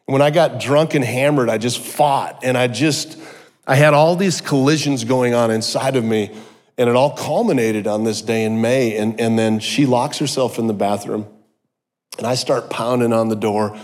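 A middle-aged man giving a personal testimony sermon, telling his story with animated energy and joking asides. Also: medium pitch, moderate pace. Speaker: guest speaker. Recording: long hall reverb.

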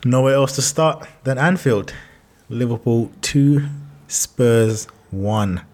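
A man presenting a football podcast segment with a wry, drawn-out delivery. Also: mid-range voice, darkish tone. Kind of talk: casual football chat.

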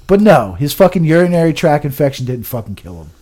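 A man's voice: on the high side, dark tone. A man in a casual podcast chat, ranting with heavy swearing and stumbling restarts.

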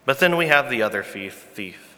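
Earnest pastor with a bright voice. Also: male voice, mid-range voice, animated, moderate pace. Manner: earnest, emphatic, repeats key phrases. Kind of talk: sermon. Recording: long reverb from a large hall.

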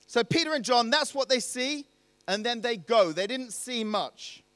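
A man with a notably high voice delivers a storytelling sermon, talking to his listeners conversationally and posing questions as he goes. The sound is close and dry, with almost no room echo. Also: expressive, measured pace, a bit bright. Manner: conversational, asks rhetorical questions. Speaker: preacher.

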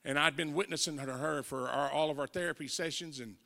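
Older man, evangelist, folksy storytelling sermon, sharp bright tone, church reverb. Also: a little high, fairly even intonation, a little fast, vocal fry. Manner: folksy storytelling, building to shouted preaching. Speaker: evangelist preacher. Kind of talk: sermon testimony. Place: church sanctuary. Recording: long church hall reverb.

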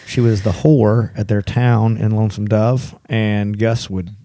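A man's voice: fairly low pitch, fairly even intonation, a little slow, warm tone, dry recording, studio quality. A man co-hosting a podcast in casual, rambling, enthusiastic chat with crude jokes. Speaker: podcast co-host.

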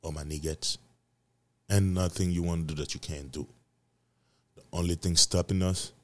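Deep-voiced profane podcast host. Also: male voice. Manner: profane, rambling, preachy motivational; repetitive emphatic delivery, swinging loud and soft. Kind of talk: casual solo podcast monologue.

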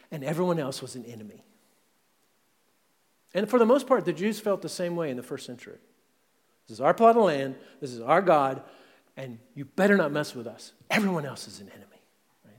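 This male pastor, whose voice sits fairly high, preaches a conversational sermon at a moderate pace and with great animation, checking in often with "right?". Long church hall reverb fills the recording from the sanctuary.

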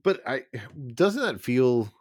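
A man's voice: medium pitch, takes it slowly, no echo, clean studio sound. A man co-hosting a podcast, chatting casually about a film, laughing often and acting out quotes. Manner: animated, laughs often, acts out lines. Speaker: podcast co-host.

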